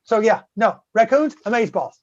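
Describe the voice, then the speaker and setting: A man with a Southern US accent, swearing freely as he tells an animated story in casual podcast chat. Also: sits high, brisk, no echo. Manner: profane, animated storyteller with many "right?" tags. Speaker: guest co-host. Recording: slightly dull lo-fi dry sound.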